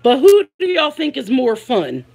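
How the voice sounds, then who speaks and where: A woman's voice: sits high, huge pitch swings, unhurried, gravelly, darkish tone. A woman with a Philadelphia accent chats casually on a live stream from home. She is talkative, laughs often, and keeps calling out to her viewers by name. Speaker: livestream host.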